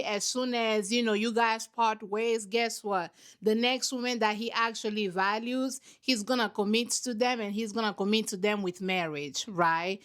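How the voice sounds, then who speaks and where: A woman's voice: on the high side, a bit bright. A young woman host giving blunt, sassy commentary on a reality show, with laughing asides. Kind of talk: casual reaction commentary.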